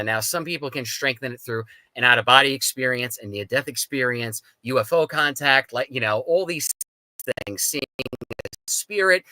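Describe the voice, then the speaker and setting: An American man appearing as a talk show guest tells his story in a casual, animated way, acting out the people he quotes. His voice is mid-range at a normal speed. The recording is rough but has no echo.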